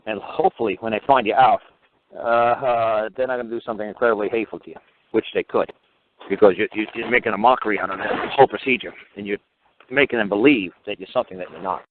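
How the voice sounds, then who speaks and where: A man's voice: fairly low pitch, fairly even intonation, quick pace, slight background noise. A man from the United States, a regular talk show speaker telling stories in a blunt, profane, emphatic and repetitive way. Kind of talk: casual storytelling monologue. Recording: tinny phone line.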